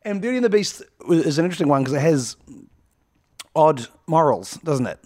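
A man with a slightly high voice riffs in a loose, comedic podcast conversation. He rambles, restarts and breaks into laughter often. The sound is dry and close, with no room around it. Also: very animated, a little fast, darkish tone, no room sound. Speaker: podcast co-host. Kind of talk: casual comedic chat.

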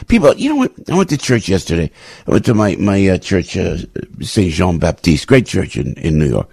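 An older man hosting a radio talk show, telling anecdotes in an emphatic, repetitive, rambling way with sudden swings in pitch. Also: sing-song, moderate pace, vocal fry, a little mellow, breathy edge, no echo, studio quality. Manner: emphatic, repetitive, restarts often. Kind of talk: rambling opinion monologue with anecdotes.

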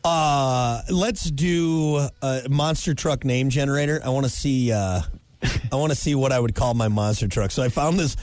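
A man's voice: mid-range voice, moderate pace, a little mellow, no echo. A man, co-hosting a show in casual, playful banter and reading listener answers aloud. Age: 30s. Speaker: radio show co-host.

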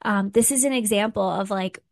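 A woman hosts a faith podcast in a warm, heartfelt, earnest way, sharing as a mom. Her voice sits at an ordinary pitch and sounds close and dry, with no room around it. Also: fairly quick, creaky, no room sound. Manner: earnest and heartfelt, getting emotional. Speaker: podcast host. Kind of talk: casual faith podcast talk.

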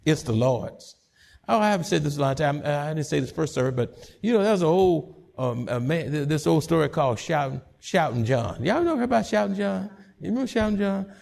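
A man pastor preaching a sermon in call-and-response style to his congregation. His voice is high-pitched with a gravelly edge. He repeats and restarts words, then builds up to shouts. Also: animated, fairly quick.

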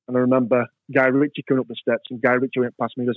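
A man from England talks rapid-fire in a mid-range, level voice as a guest in a casual interview, spinning rambling anecdotes and imitating the people in them. There's no room sound, and the audio is dry and tinny like a phone call.

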